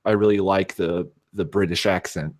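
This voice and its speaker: A man's voice: sits low, fairly even intonation, moderate pace. A man with a West Coast American accent chatting on a livestream, hesitant and full of fillers. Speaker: stream guest. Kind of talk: casual livestream chat.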